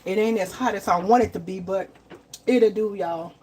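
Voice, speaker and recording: A woman's voice: medium pitch, normal speed, noisy background. A woman, chatting casually to viewers while cooking live in her home kitchen, often repeating herself and calling them y'all. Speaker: home cook livestreaming.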